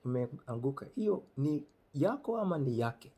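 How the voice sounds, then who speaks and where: A man voicing a middle-aged male cashier who speaks softly and matter-of-factly. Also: medium pitch, very animated, moderate pace, breathy edge.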